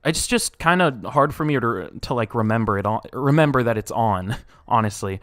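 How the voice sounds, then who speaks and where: Young guy streaming, mutters then yells at chat, voice getting tired, dry close sound. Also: medium pitch, expressive, normal speed, no echo. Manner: reads and answers chat, swings from mumbling to loud outbursts. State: voice wearing out. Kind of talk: casual live-stream reaction.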